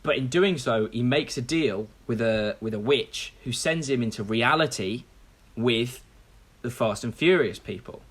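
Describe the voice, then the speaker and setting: A man co-hosting a comedy podcast, rambling enthusiastically through a movie pitch and checking in with "okay?". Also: a little slow, husky. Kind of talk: casual comedic chat.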